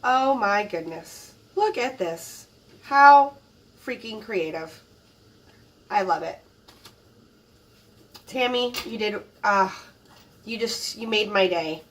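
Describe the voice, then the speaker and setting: Each item in this unboxing draws soft, admiring exclamations from a crafting channel host, who narrates in a casual, gushing tone. Her voice is on the high side and was recorded from a distance.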